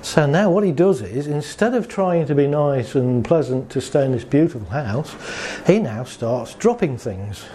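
A man's voice: mid-range voice, lively intonation, moderate pace, hardly any pauses, mellow, a little hiss or hum. A man giving a chatty talk on anxiety to an audience, acting out little scenes and laughing along. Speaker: speaker on anxiety and relationships.

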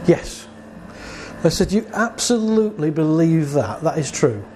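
A male therapist with a fairly high, sing-song, mellow voice talks unhurriedly about his work. His client anecdotes feature both sides of the dialogue performed by him, along with rhetorical questions. A faint hiss or hum is audible.

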